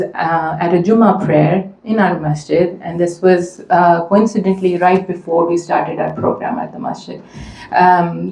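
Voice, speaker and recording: Woman, mother, personal story, earnest, conversational, dark mellow tone, echoey hall. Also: lowish voice. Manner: earnest, conversational, many fillers. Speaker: mother speaking at a community event. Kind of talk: personal story told to an audience. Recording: echoey room.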